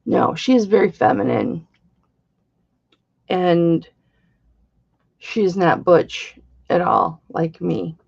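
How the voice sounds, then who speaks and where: A woman's voice: fairly low pitch, sing-song, takes it slowly, gravelly, long pauses, darkish tone, breathy edge, dull audio. A middle-aged woman hosting a live-stream jewelry auction, chatty and bawdy, greeting viewers by name.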